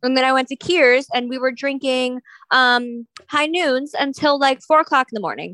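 A woman's voice: a little high, normal speed, hardly any pauses, fairly bright tone, no room sound. A woman co-hosting a podcast, telling a rambling gossipy story full of "like" and "um". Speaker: podcast co-host. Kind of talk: casual chat.

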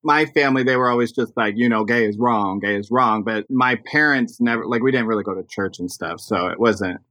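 Chatty man with a bright, dry voice. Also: mid-range voice, brisk, dry recording. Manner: animated storytelling, chatty with fillers. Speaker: drag performer, guest. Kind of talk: casual interview chat.

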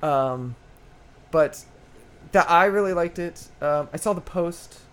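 A young man hosts a casual podcast chat, his voice sitting a little on the high side. He rambles with fillers, laughs often, and gushes about things he likes. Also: slow, clear, resonant tone. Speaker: podcast host.

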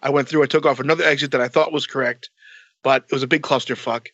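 A man telling a long story in a casual, animated way, swearing a lot and acting out both sides of the dialogue. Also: mid-range voice, fast, dry recording, highs cut off.

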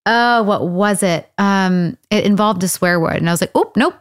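A woman's voice: mid-range voice, moderate pace, clear, resonant tone, no room sound, clean studio sound. A woman in her thirties hosting a podcast in a chatty, rambling way, laughing often, also reading the ads. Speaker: podcast host. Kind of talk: casual chat and ad read.

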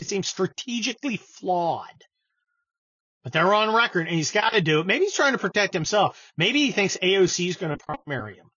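A man's voice: sits high, sharp tone, no room sound, lo-fi sound. A man giving sarcastic, scornful political commentary on his show, often stumbling and restarting his sentences. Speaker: political podcast host.

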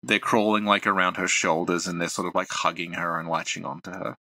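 A man's voice: deep voice, steady tone, fairly quick, bright, forceful tone, no echo. A man co-hosting a casual podcast about game lore, talking in a hesitant way with lots of fillers and restarts. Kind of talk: casual chat.

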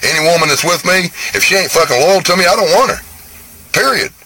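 A man's voice: sits high, lively intonation, fast talker. A man ranting bluntly and profanely to his viewers in a played video clip. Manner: foul-mouthed, blunt, combative. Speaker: subject of archive video. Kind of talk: angry profane rant to viewers. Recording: noisy video clip audio.

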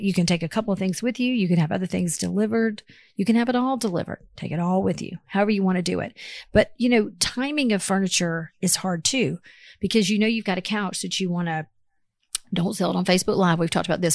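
A woman's voice: lowish voice, fast talker, gravelly, a little mellow, no echo. A woman co-hosting a radio podcast from a studio, giving direct, practical advice in casual chat. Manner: direct, advising.

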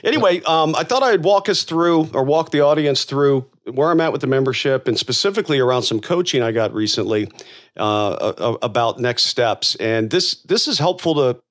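A man's voice: mid-range voice, expressive, normal speed. A middle-aged man from the United States co-hosting a podcast in casual chat, talking in a loose, friendly way with many fillers and restarts. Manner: chatty, laughs at own jokes, many fillers and restarts. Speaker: podcast co-host.

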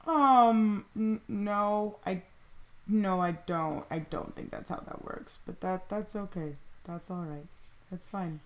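A woman playing a tabletop game, who talks in flustered, quick objections. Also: medium pitch. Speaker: player.

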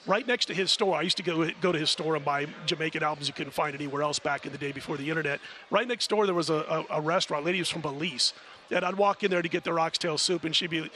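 Casting: middle-aged male betting analyst, bright and crisp tone, chatty storyteller. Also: a little high, quick pace. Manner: rambling storyteller, chatty and animated. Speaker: sports betting handicapper guest. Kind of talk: casual radio chat.

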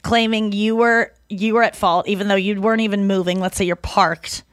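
A young adult woman co-hosting a podcast in casual chat. She tells stories in a lively way, acts out other people's lines, and swears freely. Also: mid-range voice, fairly quick, clear, resonant tone, no echo, studio quality. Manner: animated storyteller who acts out quotes and swears freely. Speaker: podcast co-host.

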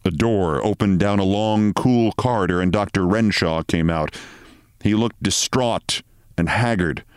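A man reading a short story aloud in a measured, even narration. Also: fairly low pitch, clear, resonant tone, dry recording, studio quality.

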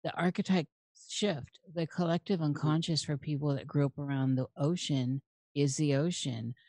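Woman host, low voice, dry close sound, thoughtful, earnest. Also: fairly even intonation, normal speed, darkish tone, no echo. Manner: thoughtful, earnest, swears casually. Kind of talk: casual conversation.

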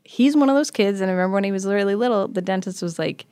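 A woman in her thirties tells a story in an animated way and laughs often. She slips into the voices of the people in it. The recording is dry and close, with no room sound. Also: mid-range voice, fast, clean tone, dry recording. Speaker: guest, comedian and musician. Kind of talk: casual storytelling chat.

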